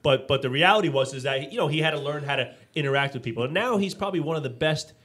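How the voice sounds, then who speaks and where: Animated New male podcast co-host. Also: on the high side, quick pace. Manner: animated storytelling, acts out quotes; frequent restarts and fillers. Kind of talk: casual business podcast chat.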